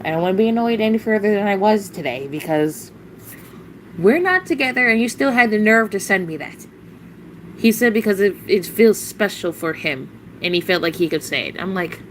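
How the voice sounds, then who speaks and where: A woman's voice: medium pitch, expressive, normal speed, slight background noise, rough recording. A woman venting on a casual livestream, blunt and profane, rambling with sighs and short laughs.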